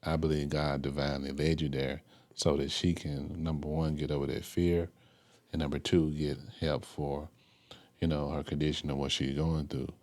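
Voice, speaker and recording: A pastor hosting a podcast, reflecting in a casual, preacherly way with many affirmations and filler phrases. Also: male voice, rumbling low, a little mellow. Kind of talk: casual interview chat.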